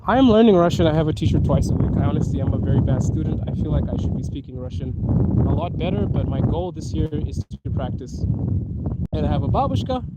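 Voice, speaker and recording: Out on a snowy street, a man hosts a phone live stream in a slightly high, animated voice at a quick pace, with very noisy audio. His chat is casual, peppered with laughter and "dude" and "bro" aimed at viewers.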